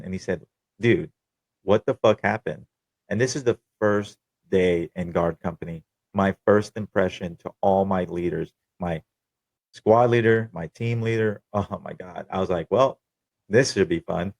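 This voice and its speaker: A man's voice: low voice, darkish tone, no room sound. A young man telling his own story on a podcast, candid, profane and wry. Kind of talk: casual personal storytelling.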